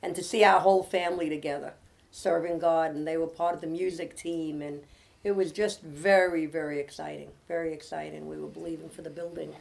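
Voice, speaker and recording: A woman's voice: low-pitched, steady tone, a little fast, creaky. An older woman co-hosting a Christian talk show, sharing a family faith story and reading a devotional with earnest emphasis. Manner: soft, earnest, rising to fervent emphasis. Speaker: pastor's wife and co-host. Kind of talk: testimony, then reading a devotional.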